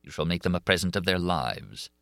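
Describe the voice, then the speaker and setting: A man voicing a cold, deliberate masked phantom who taunts calmly. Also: low voice, creaky, no room sound, clean studio sound, exaggerated voice. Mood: coldly menacing.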